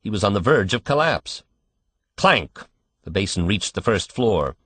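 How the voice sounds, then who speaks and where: A man reads a classic story aloud as an audiobook narrator, measured and expressive. His voice sits low but moves with a lively, varied melody, and the recording is dry and close. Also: slightly rough, no echo. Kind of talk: scripted narration.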